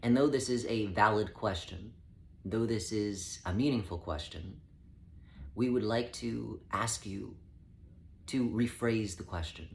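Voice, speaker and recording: A man channeling a collective voice, giving a measured spiritual self-help talk that addresses the listener as "we". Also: on the low side, creaky. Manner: measured, calm, speaks as "we" to the listener. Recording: echoey room with faint ambient noise.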